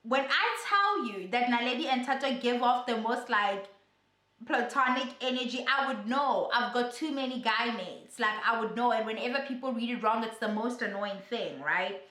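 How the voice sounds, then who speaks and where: A young woman dishes on internet drama in a chatty, sassy vlog. Her voice sits fairly high and sounds bright and sharp. The room around her gives an echo. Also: normal speed. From South Africa. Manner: chatty, animated and sassy storytelling. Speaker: YouTuber. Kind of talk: casual gossip vlog commentary.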